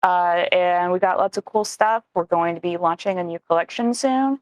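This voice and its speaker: A woman's voice: fairly low pitch, normal speed, no echo, dull audio. A woman on a game stream talking casually, a little hesitant and careful with her words. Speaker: shop owner and player. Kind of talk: casual chat.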